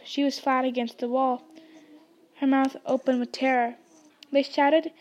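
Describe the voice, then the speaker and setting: A woman's voice: a little high, a little mellow. A woman reading a novel aloud expressively, dropping to a whisper in tense passages. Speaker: audiobook reader.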